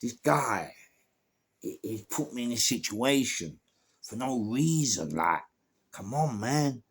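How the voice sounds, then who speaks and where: A man with a London accent telling a story in a casual, animated way, swearing freely and throwing in sound words and laughs. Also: mid-range voice, takes it slowly, slightly rough. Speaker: former gangster telling his story.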